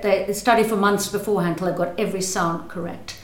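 Older South African actress, roomy sound. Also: female voice, mid-range voice, steady tone, fast talker. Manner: thoughtful, hesitant with many restarts. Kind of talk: interview.

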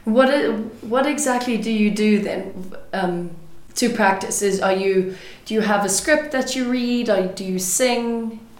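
A woman interviewer poses her questions gently and encourages her guest with short affirmations. Her voice sits at a middle pitch. The room is audibly echoey. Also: a little slow, hardly any pauses.

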